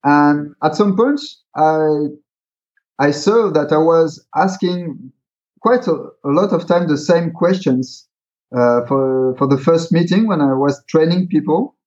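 This fairly high-pitched man has a darkish tone and an unhurried delivery. He's the inventor of a pitching card game, hesitant and prone to fillers and false starts, illustrating his points with examples in a relaxed interview recorded with dull, lo-fi sound.

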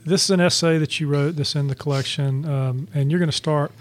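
Male radio host, somewhat high voice, easygoing, casual chat, chatty fillers. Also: steady tone, fairly quick. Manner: easygoing, affirming, lots of fillers.

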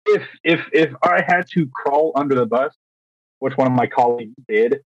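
Husky young man telling a story. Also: medium pitch, normal speed, no echo. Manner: animated, acts out quotes, frequent restarts and fillers. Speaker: podcast co-host, teacher. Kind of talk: casual storytelling chat. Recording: dry, dull lo-fi recording.

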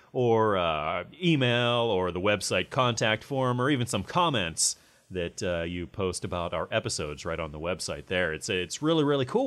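A man's voice: on the low side, a bit bright. A man hosting a metal podcast, chatting casually with lots of fillers and restarts. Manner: rambling, many fillers. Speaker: podcast host.

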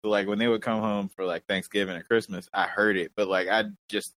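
A man with a notably deep, low voice in a casual conversation. He tells stories in a relaxed, enthusiastic way. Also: fairly quick. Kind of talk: casual chat.

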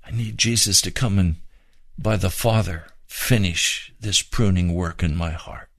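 A man preaching a sermon, fervent and pleading, with slow drawn-out emphasis. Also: sits low, fairly bright tone, no room sound.

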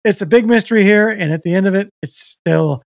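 High-voiced man rambling and swearing. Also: fairly quick, creaky, no room sound, studio quality. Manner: profane, rambling storyteller who acts out quoted people. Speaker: podcast co-host. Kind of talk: casual chat.

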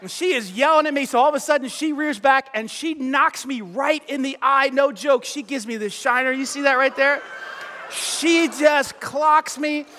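A man, a pastor telling a personal story in a sermon, animated and self-mocking, acting out the dialogue. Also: very high-pitched, brisk, few pauses, in a large hall.

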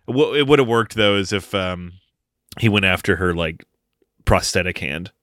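A man's voice: deep voice, expressive, moderate pace, fairly bright tone, no room sound, studio quality. A man co-hosting a podcast, chatting casually and profanely about a film. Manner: loose, profane, riffing. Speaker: podcast co-host. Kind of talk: casual movie-review chat.

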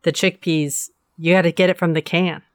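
A woman's voice: lowish voice, steady tone, normal speed, dry recording, clean studio sound. A woman co-hosting a podcast, chatting casually with self-deprecating asides and questions. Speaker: podcast co-host. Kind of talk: casual chat.

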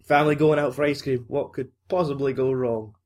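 A man's voice: mid-range voice, steady tone, a little fast, darkish tone. A young Scottish man chatting casually about a film, swearing a lot and breaking into silly voices. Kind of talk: casual film recap chat.

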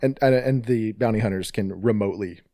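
A man co-hosting a podcast in casual chat, animated and jokey, acting out quotes. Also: lowish voice, fairly quick, dry recording, clean studio sound. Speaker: podcast co-host.

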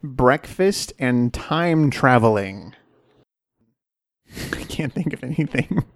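A man's voice: mid-range voice, lively intonation, slow pace, creaky, dry recording, clean studio sound. A man co-hosting a podcast, trading puns in casual, playful banter and laughing often. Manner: giggly, playful. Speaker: podcast co-host.

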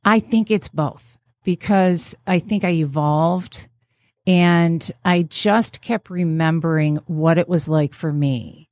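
A woman therapist from New State, telling stories in a casual podcast chat, blunt and animated, swearing freely. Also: lowish voice, takes it slowly, no room sound, studio quality. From New York State. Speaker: therapist guest.

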